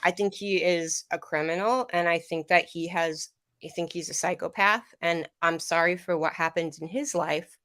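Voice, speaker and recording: Low-voiced woman recounting a painful story. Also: a bit bright, no echo, studio quality. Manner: rambling, repeats herself, voice catching with emotion. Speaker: guest. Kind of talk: emotional personal account on a livestream.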